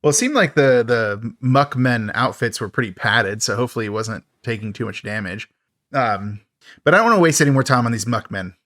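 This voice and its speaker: A man talks through a film's plot on a podcast, loose and rambling, with lots of fillers and wry asides. His voice sits in a middle pitch. The sound is dry and close to the mic. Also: fairly quick, a bit bright, dry recording. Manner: rambling, filler-heavy, laughs at the film. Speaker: podcast host. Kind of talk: casual film recap.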